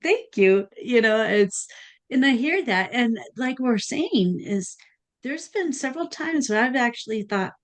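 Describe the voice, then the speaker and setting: A woman hosting a podcast, talking in an earnest, thoughtful way and pausing often as she thinks aloud. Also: fairly high pitch, expressive. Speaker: podcast host. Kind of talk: casual podcast conversation.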